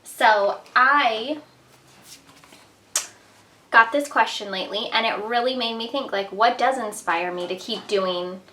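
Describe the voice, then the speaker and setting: A woman's voice: fairly high pitch, unhurried, pauses often, sharp tone. A young woman vlogger talking casually to the camera, chatty and full of "like" and "um". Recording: echoey room, mic at a distance.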